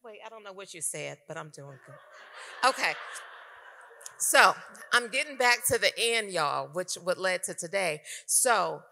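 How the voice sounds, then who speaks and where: A middle-aged woman giving her personal testimony on stage at a conference, telling her story in an animated way and speaking straight to the crowd. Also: on the low side, gravelly. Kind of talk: personal testimony to a live audience. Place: conference hall. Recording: echoey conference hall.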